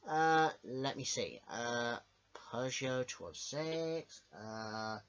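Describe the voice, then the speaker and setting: A man voicing a cheerful young male bandicoot who plays video games, excitable and calling everyone mate. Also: medium pitch, extremely slow, clear, resonant tone, pitched below the performer's own voice, exaggerated voice. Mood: chatty. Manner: excitable, says mate a lot. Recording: dull lo-fi with game music.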